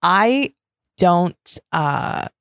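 A woman with a notably low voice, co-hosting a podcast in loose, casual chat. She tells stories candidly and swears freely, recorded dry and close with no room sound. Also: very animated, very slow, gravelly, fairly bright tone, no room sound. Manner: storytelling, candid and profane. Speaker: podcast co-host.

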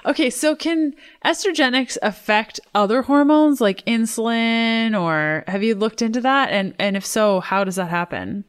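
A woman hosting a podcast, chatting casually with a guest, bubbly and quick to agree and laugh. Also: a little high, expressive, clean tone. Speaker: podcast host and author.

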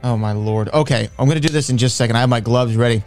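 A man's voice: medium pitch, very fast, a little mellow. Chatty male show host over faint music. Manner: loose and chatty, with filler ums. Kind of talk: casual show hosting.

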